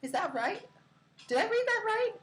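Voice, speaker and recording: Giggly high-voiced woman host. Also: sing-song, moderate pace, a little hiss or hum, poor audio. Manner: giggly, rambling with many fillers. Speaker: crypto livestream host. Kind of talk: casual chat.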